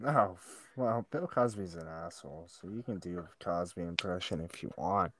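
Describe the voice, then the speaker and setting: A man's voice: low voice, moderate pace, no echo. A man co-hosting a comedy podcast, chatting casually, laughing often and swearing as he tells stories. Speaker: podcast co-host.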